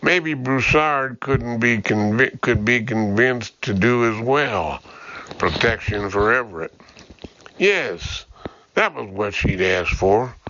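A man reading a novel aloud as audiobook narrator in slow, even storytelling. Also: fairly low pitch. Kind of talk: scripted narration. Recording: dull dry lo-fi audio.

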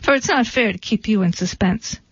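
A woman's voice: mid-range voice, moderate pace, fairly bright tone, husky, no room sound. A woman voicing a proud, earnest male goat in a storybook, blurting out his words. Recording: dull, dry recording.

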